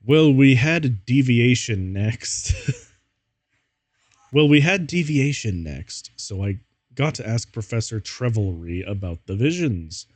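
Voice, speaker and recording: A man's voice: medium pitch, animated, slow, dry recording. A man streaming as he reads fan fiction aloud, giggling and breaking up with laughter. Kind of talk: casual comedic reading.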